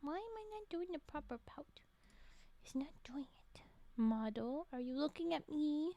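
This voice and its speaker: A woman streamer in casual, playful chat who rambles, stammers when flustered and often drops into a soft whisper. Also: sits high, very animated, moderate pace, gravelly, lo-fi sound. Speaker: streamer and storyteller.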